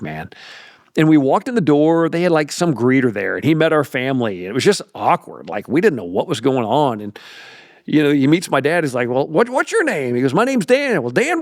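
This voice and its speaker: A middle-aged pastor telling a personal story in a folksy, animated way on a podcast. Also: male voice, medium pitch, no echo, studio quality. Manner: animated, folksy, laughs through anecdotes. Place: podcast studio.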